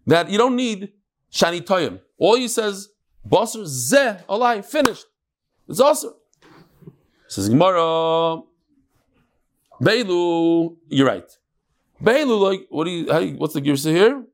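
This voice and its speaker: Middle-aged male Talmud teacher, informal class, a touch high, explains point by point. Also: animated. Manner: explains step by step, with quick asides.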